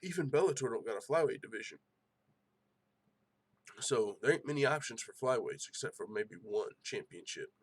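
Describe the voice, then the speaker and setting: A man's voice: mid-range voice, normal speed, pauses often. Fired-up, profane man hosting an MMA show. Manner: animated, profane, excitable rants. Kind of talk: casual podcast commentary.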